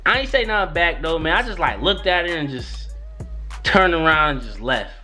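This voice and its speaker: Young male vlogger, animated slangy storyteller, bright lively voice, light music underneath. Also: on the high side, normal speed. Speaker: YouTuber. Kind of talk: casual storytelling.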